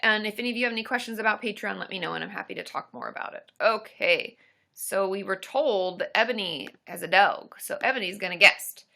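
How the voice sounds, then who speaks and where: A woman's voice: mid-range voice, fairly quick, gravelly, sharp tone. A woman hosting a casual live stream, chatting with viewers and reading their comments in a rambling, friendly way. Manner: chatty and rambling, with many fillers and asides to viewers.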